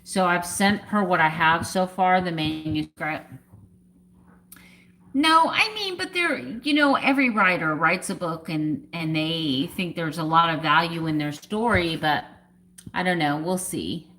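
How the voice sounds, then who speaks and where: A woman in her fifties talks to her livestream viewers at an unhurried, slow pace, in a fairly low voice. She is emotional and close to tears, and her sentences stall on fillers and trail off. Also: a bit bright. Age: 50s. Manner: halting, with many fillers and trailing thoughts. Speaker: vlogger. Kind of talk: casual livestream chat.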